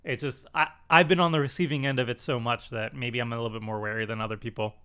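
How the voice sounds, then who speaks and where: A man's voice: medium pitch, steady tone, fast, pushed and bright, clear, resonant tone. A man hosting a card game stream, talking casually with lots of fillers and restarts in a chatty, self-deprecating way. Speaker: commander stream host. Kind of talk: casual card review chat.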